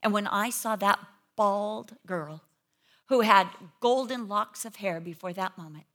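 A middle-aged woman preaches a sermon with a bright, forward voice. She tells her story with animated energy. She acts out her own panicked words as she goes. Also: mid-range voice, a little slow. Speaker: preacher, pastor's wife.

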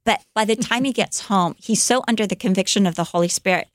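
A woman co-hosting a podcast, telling a life story in an animated way, with many fillers, and acting out the quotes. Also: mid-range voice, quick pace, no echo, clean studio sound. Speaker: podcast co-host telling a biography. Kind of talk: casual storytelling chat.

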